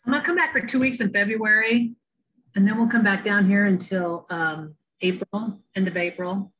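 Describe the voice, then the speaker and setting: A woman's voice: medium pitch, normal speed, fairly bright tone, slightly rough, low-quality recording. A woman with a mid-range voice answers friendly questions on a video call. She talks in an easygoing, plain way. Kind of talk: casual chat on a video call.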